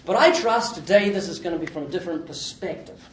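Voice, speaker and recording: Joking preacher in an echoey hall. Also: male voice, high-pitched, expressive, fast talker, few pauses. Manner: jokey, laughs often, sudden loud outbursts. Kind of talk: sermon. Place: church hall. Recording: echoey hall, distant mic, faint noise.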